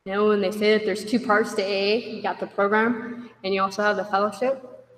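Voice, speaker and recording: A woman's voice: medium pitch, fairly even intonation, brisk. A woman shares her recovery story with a meeting in plain, candid words. She acts out the dialogue with a raised voice. Her voice rings in a big reverberant hall, picked up from some distance. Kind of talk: personal recovery story told to a group. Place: meeting room. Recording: echoey hall from far off.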